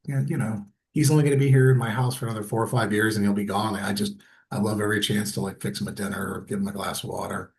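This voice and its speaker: He's a middle-aged guest in a casual chat, fast-talking, with a fairly low, darkish voice. Candid and self-deprecating, he tells personal stories and acts out people's quoted words.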